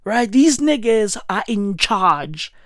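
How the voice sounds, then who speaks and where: A woman's voice: medium pitch, very animated, slow, no echo, clean studio sound. A woman delivering a profane, mocking rant full of slang, often tagging on questions. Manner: profane, mocking, slangy, keeps asking right?. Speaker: commentator. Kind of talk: ranting commentary.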